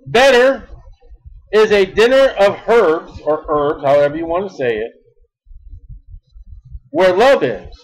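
A man preaching a sermon in an emphatic style, repeating words and swinging between loud bursts and soft asides. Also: sits high, sing-song, a little slow, pauses often, rough recording.

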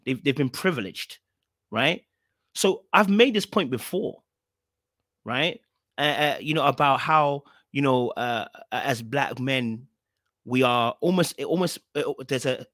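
In clean studio-quality audio with no room sound, a male podcast host with a fairly bright tone reacts to a clip on a live stream. He speaks straight to his chat, repeats his points, and mocks others in high, exaggerated voices.

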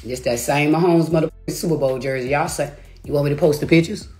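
Low-voiced woman ranting on a livestream. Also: fairly even intonation, fast talker, a little mellow, faint music behind. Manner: taunting, cursing, laughing between insults. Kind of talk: profane live-stream rant. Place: home, a rented house.

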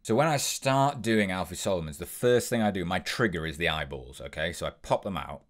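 A man's voice: deep voice, fairly quick. A young man hosting an impressions tutorial, explaining tips in an upbeat, step-by-step way. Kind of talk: instructional tutorial.

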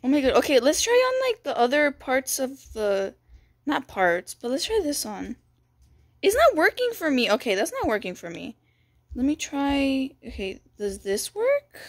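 A young woman giving excited game walkthrough commentary, gushing and gasping and repeating "dude" and "bro". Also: sits high, moderate pace, no room sound, clean studio sound. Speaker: gaming video creator.

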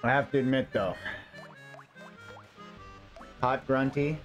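A man's voice: mid-range voice, slow pace, muffled recording, faint music behind. A man streaming a video game, chatting casually and muttering to himself and his pets as he plays. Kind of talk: casual gameplay commentary.

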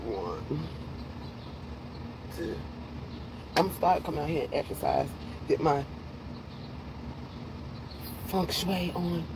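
A woman vlogging casually from her patio and home, chatty and quick to laugh at her own jokes, her voice slightly rough. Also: low-pitched, very animated, background noise. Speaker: lifestyle vlogger. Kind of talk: casual vlog chat to viewers. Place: home patio then indoors.

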